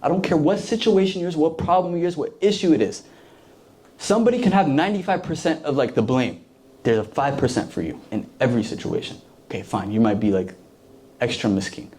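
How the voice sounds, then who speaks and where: A man's voice: on the high side, lively intonation, brisk, darkish tone, a little hiss or hum. A young man preaching a casual sermon to a youth group, slangy and conversational, acting out the characters.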